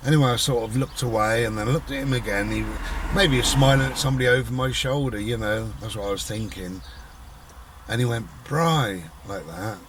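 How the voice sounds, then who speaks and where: A man's voice: medium pitch, fairly quick. A middle-aged man, telling a personal story in a rambling, casual way. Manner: rambling, conversational, voices quoted people. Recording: voice a bit far from the mic, faint background noise.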